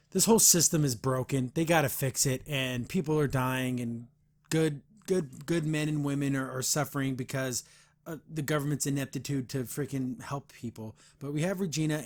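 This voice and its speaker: A man hosting a podcast, reviewing a comic in casual chat, earnest and rambling, with frequent restarts and heated asides. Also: medium pitch. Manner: gets heated about the veterans system.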